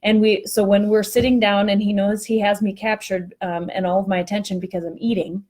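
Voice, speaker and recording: Woman, casual storytelling, chatty, self-mocking, mid-pitched voice, online call. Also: level tone, a little fast, a little mellow. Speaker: co-host discussing workplace culture.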